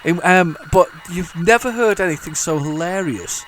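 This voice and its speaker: A man's voice: sits high, moderate pace, fairly bright tone. Man, retro gaming channel host, casual rambling commentary, stumbles and restarts, faint background hiss. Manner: rambling, many restarts and repeated words. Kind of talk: casual commentary while playing.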